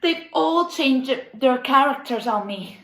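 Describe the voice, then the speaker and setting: A woman's voice: sits high, lively intonation, slow pace, fairly bright tone, reverberant, heavily acted, low-quality recording. An actress playing a distraught young woman organizer who stammers in frantic, melodramatic despair, in a comedic video-call sketch.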